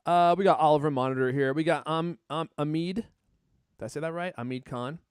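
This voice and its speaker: A man's voice: a little high, brisk, clean tone, no room sound, clean studio sound. A man hosting a casual live-streamed tech podcast, joking around and reading out viewer comments. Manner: jokey, reads out viewer comments. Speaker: podcast host.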